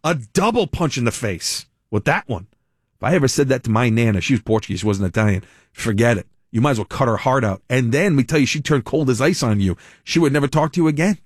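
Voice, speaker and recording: A man's voice: medium pitch, animated, quick pace, dry recording, clean studio sound. A man hosting a call-in talk radio show, reading news aloud with wry asides in a conversational way. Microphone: studio mic.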